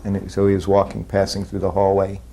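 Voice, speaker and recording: A man unhurriedly recalling his years as a disciple, self-deprecating and chuckling softly. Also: deep voice, completely flat delivery, creaky, slightly rough. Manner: unhurried, self-deprecating storytelling with soft laughs. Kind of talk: spoken reminiscence.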